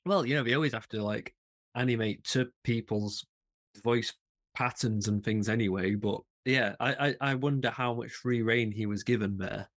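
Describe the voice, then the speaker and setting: A man's voice: mid-range voice, normal speed, a bit bright. A man co-hosting a casual podcast chat, talking enthusiastically with frequent restarts and laughs. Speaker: podcast co-host.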